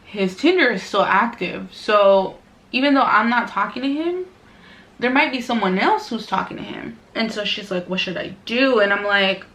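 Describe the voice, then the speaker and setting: Young woman, bright voice, casual storytime vlog, chatty and dramatic, echoey room. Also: medium pitch, expressive, moderate pace. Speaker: beauty vlogger. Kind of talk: casual storytime while doing makeup.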